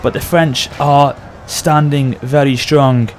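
A man hosting a gaming channel, excitedly commentating a battle over gameplay and often addressing his audience. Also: medium pitch, slow, a little hiss or hum.

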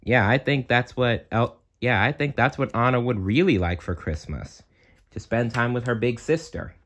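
Storybook role: a thoughtful young man, read by a man, gentle and unhurried. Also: medium pitch, lively intonation. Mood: patient.

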